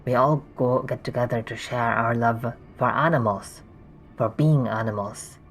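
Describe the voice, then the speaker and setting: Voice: fairly even intonation, normal speed, soft background music, close to an everyday voice. A streamer voicing a laid-back young man who talks from behind a fox mask, muffled and rambling, in a game playthrough. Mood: easygoing. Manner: easygoing, rambling sales pitch.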